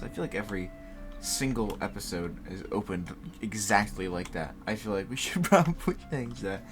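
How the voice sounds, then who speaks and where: A man's voice: lowish voice, expressive, moderate pace, over music. A young man in his twenties hosting a casual solo chat, rambling and laughing often, with casual swearing, on a desk mic at home. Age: 20s. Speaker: podcast host. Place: home recording setup by a computer. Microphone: desk mic set higher, farther from computer.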